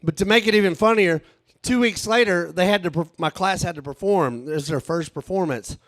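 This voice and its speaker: A man, telling a profane, animated stand-up story at a live show. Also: high-pitched, a little fast, no echo. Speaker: stand-up comedian. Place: live show with a small audience.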